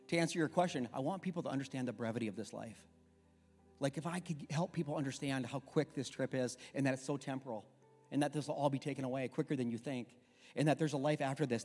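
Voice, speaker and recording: A middle-aged male pastor delivers a sermon in a church sanctuary, emphatic and conversational, telling stories as he preaches. His voice is medium-pitched and a little mellow, and the echoey room carries faint music.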